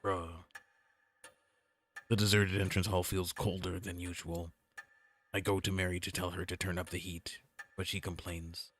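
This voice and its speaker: Brief: male streamer, deep voice, playful read-through of a visual novel. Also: level tone, normal speed, long pauses, fairly bright tone, slight background noise. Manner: jokey, playful asides. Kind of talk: reading a horror visual novel aloud. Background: game music.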